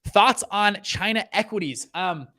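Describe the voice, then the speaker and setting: A man's voice: high-pitched, measured pace, dry recording. A young man hosting a casual livestream about economics and investing. He talks with lots of energy, keeps checking in with "okay" and "right", and restarts his sentences often. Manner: energetic, lots of fillers and okays. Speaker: fund manager and show host.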